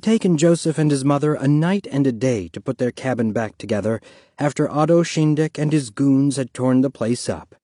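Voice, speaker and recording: Male audiobook narrator, steady, dry close recording. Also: medium pitch, moderate pace, no echo. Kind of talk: scripted narration.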